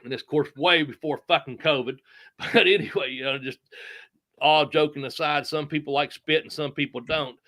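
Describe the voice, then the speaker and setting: Animated storyteller, a man. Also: on the high side, moderate pace. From United States. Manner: animated, profane, acts out moves with sound effects. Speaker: retired pro wrestler, guest. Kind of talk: casual storytelling interview.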